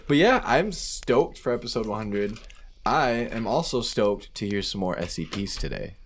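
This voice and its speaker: Male podcast co-host, playful and profane, very animated pitch. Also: normal speed, a little hiss or hum. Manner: playful, swearing, jokey announcer bits. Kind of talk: casual podcast chat.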